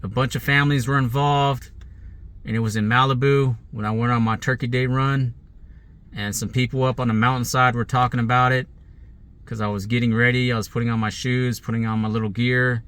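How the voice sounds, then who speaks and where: A man's voice: medium pitch, flat delivery, fairly quick, a bit bright, smooth. A man sitting in his car, giving an angry, rambling monologue to the camera about grievances and threats. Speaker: vlogger.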